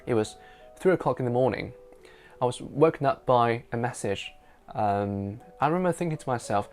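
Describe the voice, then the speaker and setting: A man from China, a native Mandarin speaker, telling a personal story in English in a chatty way, with many fillers like "you know" and "um". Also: mid-range voice. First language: Mandarin Chinese. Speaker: interpreter and storyteller. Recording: soft guitar music underneath.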